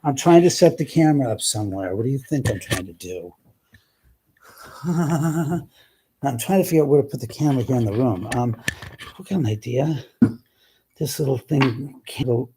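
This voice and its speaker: A man hosting a live ghost-hunting stream from inside his house, grumbling and cursing to himself as he scolds unseen spirits, swinging from sudden loud outbursts to whispered mutters. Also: mid-range voice, animated, moderate pace, pauses often, a little hiss or hum. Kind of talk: live stream, casual chat. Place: indoors in his own house, moving between rooms and stairs.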